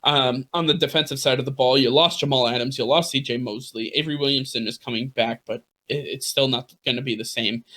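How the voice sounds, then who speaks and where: Guy cohosting a sports podcast, bright voice, rambly with lots of uhs. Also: medium pitch, steady tone, brisk, few pauses. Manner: rambling, laughing, many fillers and restarts. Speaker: podcast co-host. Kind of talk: casual sports talk.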